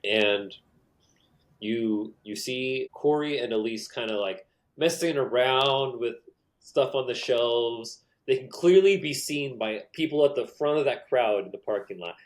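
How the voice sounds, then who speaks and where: A man's voice: mid-range voice, unhurried. A man running a tabletop game as game master, narrating in an easygoing way.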